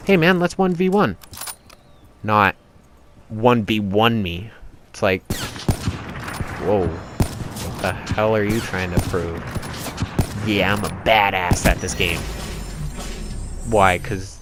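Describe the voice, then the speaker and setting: Low-voiced young man, gaming commentary rant, exasperated and preachy, loud game gunfire behind. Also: background noise. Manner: lecturing, exasperated rant with profanity. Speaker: gaming channel host. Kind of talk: ranting gameplay commentary. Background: gunfire, explosions and vehicles from the game.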